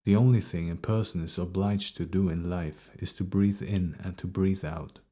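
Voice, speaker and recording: A man voicing a reckless, cheerful young male travel companion in an audiobook, speaking in a calm, coaxing, slightly hushed way. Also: deep voice, normal speed.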